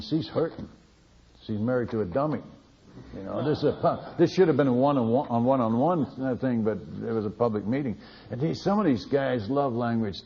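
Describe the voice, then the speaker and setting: A man, a missionary, tells a lively testimony story, laughing and repeating words as he goes. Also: medium pitch, breathy edge, long reverb tail. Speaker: missionary speaker. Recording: dull lo-fi recording.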